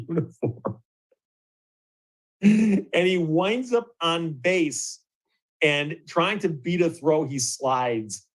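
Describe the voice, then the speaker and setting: A middle-aged man from Michigan with a slightly high voice, hosting and telling a long story. He talks casually and animatedly, chuckles often, and restarts his sentences as the story builds. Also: poor audio. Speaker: host.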